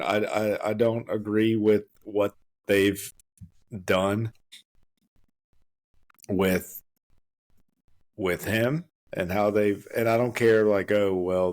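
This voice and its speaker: A man's voice: on the low side, steady tone, a little mellow. A man co-hosting a podcast in casual chat, restarting his sentences often. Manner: halting, restarts mid-sentence. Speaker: podcast co-host.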